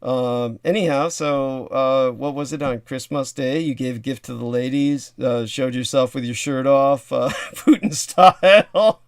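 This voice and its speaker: A man's voice: medium pitch, steady tone, moderate pace, few pauses, clear, resonant tone, no room sound, studio quality. A man hosting a casual livestream chat, rambling with lots of fillers and asides. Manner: rambling with many fillers and laughs. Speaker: livestream host.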